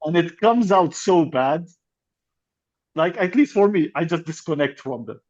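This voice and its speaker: Rambling man with a slightly high voice. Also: animated, measured pace. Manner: rambling, many restarts and fillers. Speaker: podcast co-host, comedian. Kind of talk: casual chat. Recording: dull lo-fi sound.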